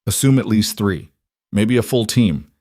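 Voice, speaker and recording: A man's voice: on the low side, animated, unhurried, a little mellow, dry recording, clean studio sound. A man voicing a tough female captain who speaks in clipped commands. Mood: commanding.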